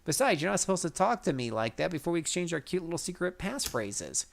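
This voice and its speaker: Dorky spy dude making threats, voiced by a man, kinda high and gravelly. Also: big pitch swings, quick pace. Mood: protesting. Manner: blustering and menacing.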